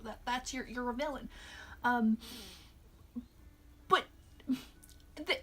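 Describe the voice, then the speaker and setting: A young woman vlogger delivering an exasperated, sarcastic movie review rant, sounding a little tired. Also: fairly high pitch. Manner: sarcastic, exasperated, animated ranting.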